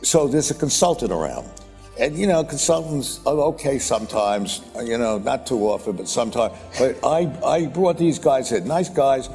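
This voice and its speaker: Older guy telling a business story on stage, swears a lot, kinda rambly, low soft voice, echoey hall. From United States. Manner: rambling, blunt and profane, with repeated "boom, boom, boom". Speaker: investor speaking at a conference. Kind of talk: anecdotal storytelling. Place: conference stage.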